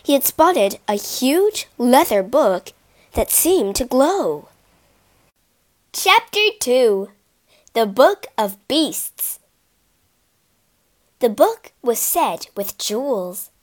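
A woman narrating a children's storybook in an expressive, sing-song read-aloud manner. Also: a little high, drawn-out words, long pauses.

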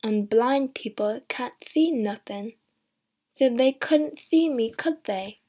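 A woman voicing a gentle, shy, deformed young man who speaks in a strange, slow voice. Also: fairly high pitch, breathy edge. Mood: gentle, resigned.

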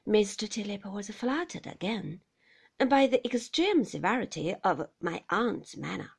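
A woman narrating a classic novel as an audiobook, in a hushed delivery that often drops to a breathy whisper. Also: medium pitch, expressive, unhurried. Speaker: audiobook reader.

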